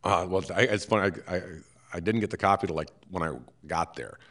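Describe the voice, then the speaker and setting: A man's voice: deep voice, fairly quick, fairly bright tone. A man hosting a live podcast in a theater, rambling and self-deprecating, with many restarts. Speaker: podcast host. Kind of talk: casual live podcast chat.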